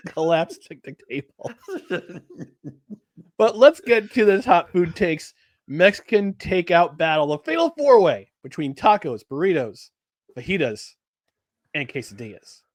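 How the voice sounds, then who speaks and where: A man's voice: on the high side, no echo, clean studio sound. A man co-hosting a sports podcast in casual chat, rambling with lots of restarts and fillers. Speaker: podcast co-host.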